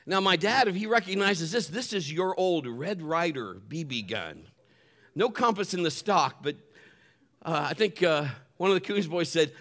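A man's voice: high-pitched, expressive, normal speed, fairly bright tone. A man preaching in a church, casual and rambling, with many fillers and restarts. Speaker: pastor. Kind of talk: sermon.

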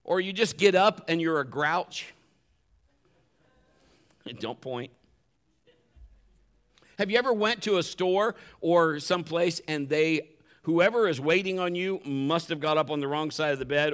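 A man's voice: fairly high pitch, measured pace, pauses often, fairly bright tone, smooth. A pastor preaching a sermon in a conversational way, acting out the voices he quotes.

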